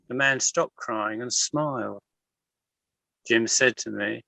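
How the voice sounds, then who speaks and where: Scouse guy reading his own poems, lively storyteller, crisp bright tone. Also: medium pitch, takes it slowly, long pauses, no echo, poor audio. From Liverpool, England. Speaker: guest poet and artist.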